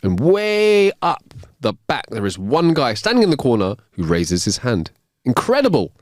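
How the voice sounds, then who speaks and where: A man's voice: mid-range voice, huge pitch swings, normal speed, no room sound, studio quality. A man voicing a showy stage speaker who questions his audience about ghosts, in a grand announcing tone.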